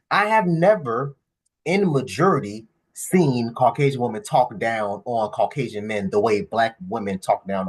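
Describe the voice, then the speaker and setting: A man with hosting a reaction video, animated and emphatic, laughing and swearing as he comments. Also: mid-range voice.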